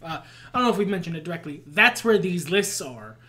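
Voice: mid-range voice, lively intonation, brisk, pushed and bright. Dry, blunt podcast co-host. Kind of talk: casual chat about movies.

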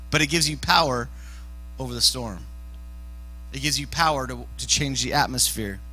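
A man giving a casual youth sermon as a youth pastor, animated and joking, often climbing to shouts. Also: mid-range voice, moderate pace, low-quality recording. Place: church youth service.

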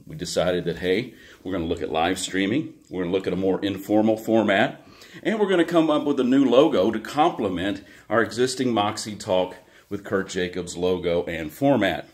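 A man's voice: fairly low pitch, moderate pace. A man hosting his own talk show, giving a chatty, upbeat update to his viewers from his home office, a little out of breath. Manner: upbeat and chatty, talking straight to his audience. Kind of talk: casual video update to viewers.

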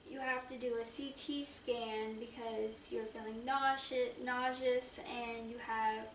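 A woman hosting an interview, asking gentle, guiding questions and recapping her guest's story. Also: a little high, steady tone, takes it slowly. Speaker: host. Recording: echoey room, mic far off, faint noise.

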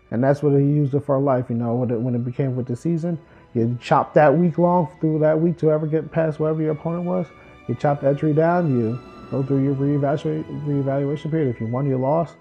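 Gravelly man telling his story. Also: a little high, dull audio. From New Jersey. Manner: acts out quoted people with lively voices. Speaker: former college football player. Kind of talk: reflective personal storytelling.

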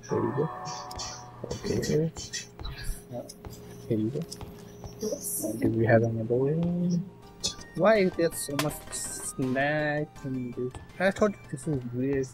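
A man giving rambling play-by-play commentary on a horror game, with loud outbursts. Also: medium pitch, slow pace, gravelly, pauses often, over music, low-quality recording. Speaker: gaming streamer.

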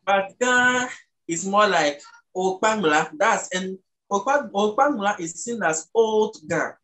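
A speaker from Ghana, patiently explaining the language as an interview guest and slowing down to sound out words. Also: medium pitch, expressive, pushed and bright, poor audio. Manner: teacherly, slows down to sound out words.

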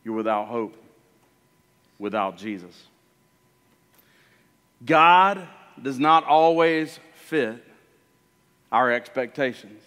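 A man preaching a sermon as pastor, animated and acting out the voices in the story he tells. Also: medium pitch, takes it slowly, long pauses, smooth, in a large hall. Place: church sanctuary.

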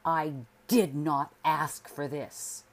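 A woman voicing a bitter, sickly husband who accuses his wife in loud, slow, forceful lines, read as a storybook figure. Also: low-pitched, heavily acted. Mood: angry.

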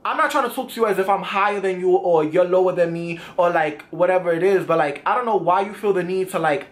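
Animated young man telling a story. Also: sits high, quick pace. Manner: animated, slangy retelling with acted-out quotes. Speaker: vlogger. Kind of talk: storytime vlog.

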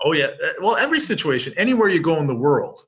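A man's voice: a little high, sing-song, racing, a bit bright, breathy edge. A middle-aged man from Canada, a guest in a casual interview, telling stories animatedly and acting out both sides of conversations. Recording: dull lo-fi audio.

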